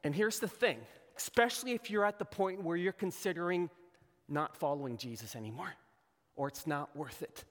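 A slightly high-voiced man preaching a lively, conversational sermon, playing out quoted lines in character voices. His voice rings through a large hall with a long reverb tail. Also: moderate pace. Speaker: pastor.

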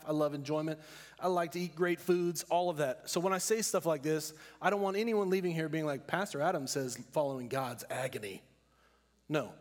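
A man preaching a sermon as pastor, earnest, and he slows down to stress key words. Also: on the high side, long reverb tail.

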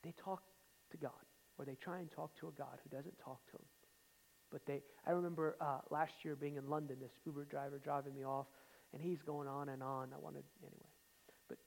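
A man preaching a sermon with a slightly high voice, telling personal stories with force and then sinking to soft asides. His voice rings through a church sanctuary with a long reverb tail. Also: gravelly, slight background noise. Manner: emphatic storytelling, dropping to quiet asides.

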